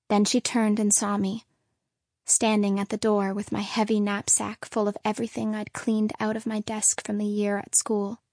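A woman reading an audiobook in a steady, measured voice, mid-pitched and even. The sound is dry and close to the mic, with no room around it. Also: no echo. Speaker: narrator. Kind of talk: audiobook narration.

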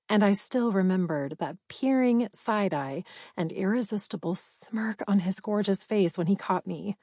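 A young woman reading a first-person romance audiobook, expressive and breathless in the character's inner thoughts. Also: mid-range voice, dry recording, clean studio sound. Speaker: audiobook narrator.

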